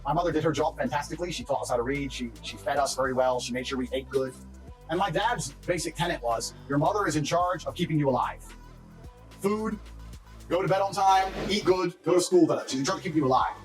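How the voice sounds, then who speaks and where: Give me a fast-talking, foul-mouthed man in a candid interview, slightly high-voiced, with soft music in the background. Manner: brash, blunt, swears freely. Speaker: interviewee in archived clips. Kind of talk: storytelling interview talk.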